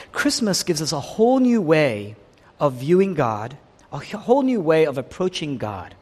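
A man preaching a sermon, animated, swinging between loud emphatic lines and hushed, slow ones. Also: fairly high pitch, breathy edge. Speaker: pastor. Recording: long hall reverb.

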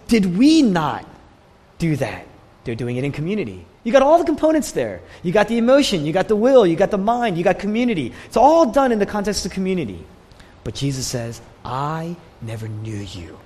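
A male pastor preaching a sermon, swinging from loud declarations down to hushed near-whispers. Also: sits high. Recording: long hall reverb with faint ambience.

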